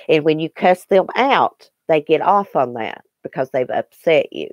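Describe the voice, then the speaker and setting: A woman's voice: low voice, expressive, measured pace, dry recording, muffled recording. A Southern woman hosting a casual livestream, chatting folksily with viewers by name and reading the chat. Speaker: YouTube livestream host.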